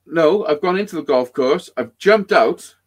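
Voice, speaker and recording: A man with a fairly high-pitched voice talks at a moderate pace as a podcast guest. In casual chat he spins a rambling, animated story packed with heavy swearing.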